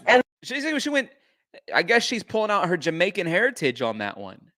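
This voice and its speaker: A man's voice: high voice, very animated, fairly quick, bright, forceful tone. Guy reacting to clips on a stream, mocking, voice swings all over. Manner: incredulous and mocking. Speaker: commentator. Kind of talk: reaction commentary for a live stream.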